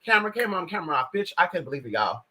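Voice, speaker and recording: An American woman vlogging in casual chat, brash and profane, swinging between loud outbursts and low asides. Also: very animated, very fast, breathy edge. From United States. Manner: brash, profane, addresses viewers as girl and bitch.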